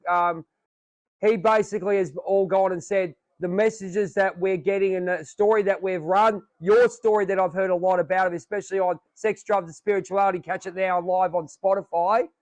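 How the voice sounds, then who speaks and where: A man's voice: high-pitched, steady tone, brisk, no echo, rough recording. A man with an Australian accent hosting a podcast in a chatty, jokey way, rambling with fillers. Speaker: podcast host. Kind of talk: casual chat.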